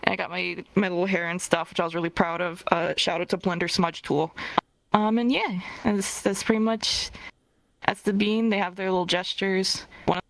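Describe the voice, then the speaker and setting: Chatty woman with a gravelly low voice. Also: steady tone, fairly quick, fairly bright tone, no room sound, rough recording. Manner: chatty, full of fillers, fond of the word little. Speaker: avatar creator showing her work. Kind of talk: casual show-and-tell.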